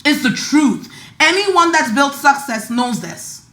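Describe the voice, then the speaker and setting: A podcast host and finance coach with a slight Nigerian accent speaks in a high, bright register, addressing her listeners directly in a casual motivational style. She is very animated yet slow-paced, repeating words for emphasis in a chatty, emphatic flow. A noticeable echo suggests a bare room.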